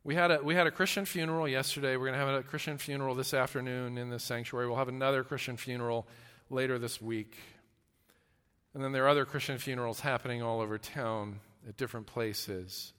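Earnest pastor preaching in a reverberant hall. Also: male voice, mid-range voice, fairly even intonation, clean tone. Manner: earnest, with repeated restarts and stammers; swings from loud emphasis to hushed, slow lines. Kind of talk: sermon.

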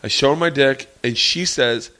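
A middle-aged man, a comedian, telling a story in casual chat, animated and swearing, laughing as he acts out voices. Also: medium pitch, normal speed. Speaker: stand-up comedian, podcast guest.

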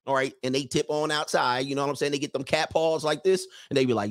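A fairly high, steady voice moving at a quick pace belongs to a live-show host in his forties or older. He offers casual comedic commentary, crude and slangy stories peppered with the odd acted voice.

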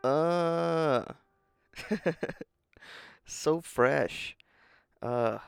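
Gravelly, tired-sounding male podcast host. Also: medium pitch, sing-song, measured pace, no echo, clean studio sound. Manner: rambling, self-deprecating, profane. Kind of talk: casual solo podcast rambling.

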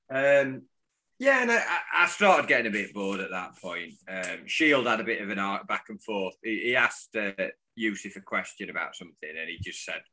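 A man talking football on a podcast with a very bright, forceful tone. His pitch swings widely as he jokes, laughs and swears through the chat. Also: normal speed. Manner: animated, laughing, sweary banter. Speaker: podcast co-host.

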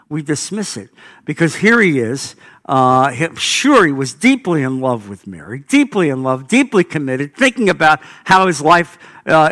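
A man's voice: fairly high pitch, fairly bright tone. A middle-aged man preaching a sermon, telling stories in an earnest, emphatic way. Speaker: pastor.

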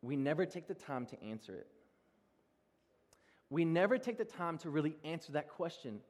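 A young male pastor preaching a sermon, telling self-deprecating personal stories in an animated way with frequent laughs. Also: on the high side, normal speed. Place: large church hall. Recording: long reverb of a church hall.

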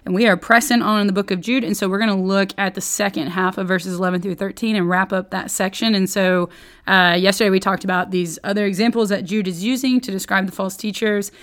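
A woman's voice: mid-range voice, steady tone, fairly quick. Chatty woman hosting a devotional podcast. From Oklahoma, United States. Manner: chatty, rambling, self-interrupting. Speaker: podcast host.

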